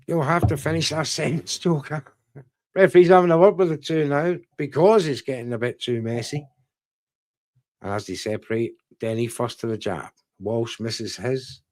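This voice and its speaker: Unhurried and fairly high-pitched, with a darkish tone and no echo, a man offers live boxing commentary on a UK-based watchalong stream. He talks to the audience conversationally, replying to their chat and using their chat names.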